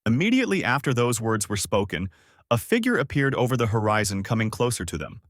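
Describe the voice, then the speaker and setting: Man reading a fan story, animated. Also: medium pitch, quick pace, no room sound, clean studio sound.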